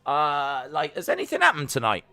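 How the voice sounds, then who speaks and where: A man's voice: a little high, wildly swooping pitch, moderate pace, vocal fry, pushed and bright. A man chatting his way through a live watch-along. He talks in a jokey, rambling way. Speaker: streamer reacting to wrestling.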